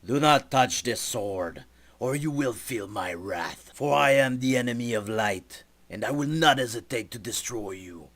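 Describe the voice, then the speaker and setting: A threatening male spirit from the sky, put on by a man telling the story speaks in slow, drawn-out proclamations. He sounds unhurried, warning small mortals with measured menace. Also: medium pitch, lively intonation, fairly bright tone. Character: menacing male sky entity, enemy of light.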